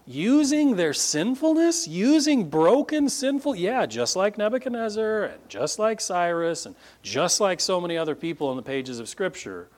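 A man, a pastor preaching a sermon, stressing words with sudden high lifts and then dropping low. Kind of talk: closes in prayer.

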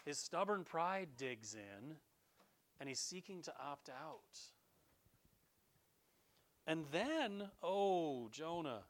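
A middle-aged pastor, his voice a little high, speaks slowly and pauses often as he delivers an animated, conversational sermon in a church sanctuary. When quoting scripture to the congregation, he raises his voice with feeling.

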